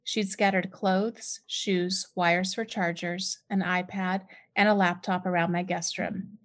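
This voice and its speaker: A woman's voice: on the low side, slow pace. A woman author reading her own novel in the first person, lifting her voice sharply for the lines of dialogue. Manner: expressive, lifts voice sharply for dialogue.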